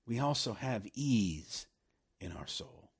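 Husky guy preaching, lively, laughs a lot, drags out the key words. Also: mid-range voice. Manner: animated, laughing, slowing down to stress scripture. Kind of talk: sermon.

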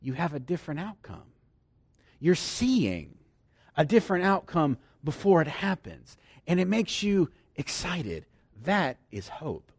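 A man preaching a sermon who swings from loud emphasis to hushed near-whispers and laughs often between points. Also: a little high, sing-song, measured pace, breathy edge, no room sound.

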